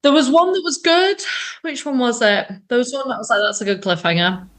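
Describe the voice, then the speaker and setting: A woman's voice: high-pitched, a little fast. A young woman from England co-hosting a podcast, chatting casually and acting out voices in her anecdotes. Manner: animated, laughs often, acts out voices in anecdotes. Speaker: podcast co-host. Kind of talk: casual chat, storytelling.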